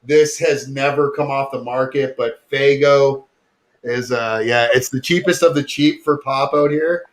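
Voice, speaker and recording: A man's voice: medium pitch, steady tone, a little slow. A Canadian man from Southern Ontario with the local accent, hosting a casual video chat show and joking as he talks. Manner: joking, laughs often. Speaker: podcast host.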